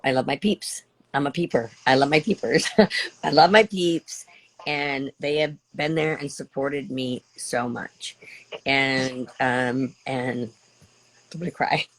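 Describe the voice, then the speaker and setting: A woman's voice: low-pitched, fairly bright tone. An older woman chatting emotionally on a live stream, gushing and rambling with many restarts. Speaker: livestream host.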